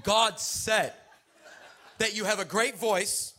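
A man acting out his young son of about six who yells a message loudly across a restaurant. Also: sits high, takes it slowly, exaggerated voice. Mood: excited yelling. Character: loud little boy, about six, blurting prophecy.

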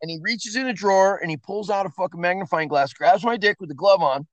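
A man, a podcast guest, telling crude, profane stories in a loud, animated way during a casual chat. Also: high-pitched, fast, dry recording.

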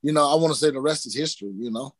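An animated man who tells stories casually, swears freely and slips into the voices of people he quotes. His voice sits a little high for a man. It is recorded close and dry, with no room sound. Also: rapid-fire, no room sound. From New Mexico. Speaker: cut man guest. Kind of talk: casual storytelling interview.

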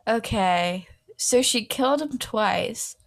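Woman host on a podcast, playful quick banter, kinda high voice. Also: expressive, vocal fry. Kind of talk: casual comedic chat.

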